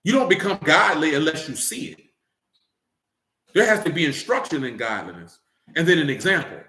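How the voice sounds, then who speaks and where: A man's voice: sits high, big pitch swings, fairly quick, a bit bright. A man preaching in a casual, blunt way, with profanity and jokes mixed into his teaching. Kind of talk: casual sermon-style teaching. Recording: roomy echo.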